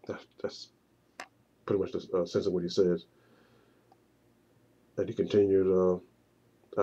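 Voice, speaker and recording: A man narrating a walkthrough of his own screenplay storyboard, halting and often repeating words. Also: deep voice, little pitch movement, mellow, husky, highs cut off. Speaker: writer pitching his screenplay.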